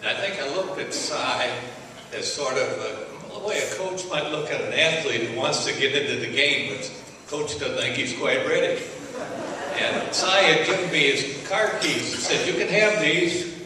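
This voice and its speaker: An older man giving a speech at an awards ceremony, telling a story with gentle humor. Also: mid-range voice, lively intonation, normal speed. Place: large hall at an awards banquet. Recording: echoey hall, distant mic, faint noise.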